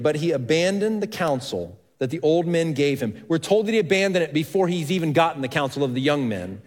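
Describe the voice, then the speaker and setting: A male pastor preaching a sermon, reading scripture aloud and asking the congregation questions. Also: fairly high pitch. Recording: reverberant hall.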